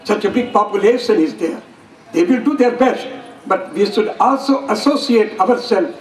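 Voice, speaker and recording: A man's voice: sits high, lively intonation, normal speed. A man with an Indian English accent giving an earnest, emphatic public speech at a school function, repeating phrases for effect. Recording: echoey hall, voice from far off.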